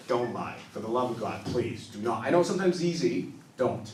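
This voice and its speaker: A man in his thirties doing a stand-up set on a small club stage, telling confessional stories that swing from soft asides to loud punchlines. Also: medium pitch, lively intonation, brisk, a loud crowd. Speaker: stand-up comedian. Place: small improv club stage, live audience. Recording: roomy club sound from a distance.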